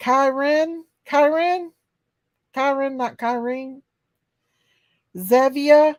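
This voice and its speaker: A woman's voice: fairly high pitch, animated, a little slow, dry recording, lo-fi sound. A woman hosting a casual livestream, chatting folksy with viewers and singing to them. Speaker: livestream host reading chat. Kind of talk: casual live chat.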